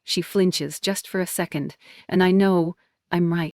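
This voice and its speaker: Woman, 20s, intense first-person story narration, low-ish pitch. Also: fairly even intonation, a little slow, no room sound, clean studio sound. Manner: emotional, intense.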